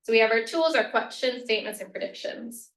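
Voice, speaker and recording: A woman presents a workshop at a college in a casual, chatty way, often checking in with "right?". Her voice is bright and clear. It sounds a little distant from the mic, in a room with noticeable echo. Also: on the high side, a little fast. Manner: conversational, frequent "right?" and "um", acts out sample phrases. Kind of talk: lunch-and-learn presentation. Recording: echoey room, voice a bit far from the mic.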